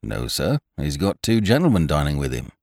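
Man reading as a deferential lift attendant with a low, soft voice; dry audiobook sound. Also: very animated, moderate pace, dry recording, exaggerated voice. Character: polite, calm male lift attendant.

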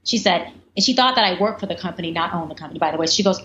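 A woman guest telling a personal story in an interview, animated and lively, often slipping into the voices of other people. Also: fairly low pitch, racing. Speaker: life coach guest. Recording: slightly muffled with faint background noise.

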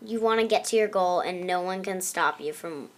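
A woman's voice: fairly low pitch, normal speed. A woman interviewer asking eager, chatty questions in a casual interview. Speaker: young interviewer.

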